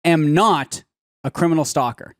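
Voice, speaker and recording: A man's voice: fairly high pitch, normal speed, no echo, studio quality. A Canadian man co-hosting a podcast, teasing and joking in casual chat. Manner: playful, teasing, lively delivery. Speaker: podcast co-host.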